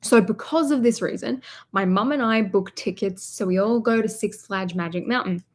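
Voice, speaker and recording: A woman's voice: mid-range voice, moderate pace. A young woman vlogger chatting live from a hotel room, telling a long rambling story and talking to her viewers as she goes. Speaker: vlogger hosting a livestream. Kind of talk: casual live-stream chat.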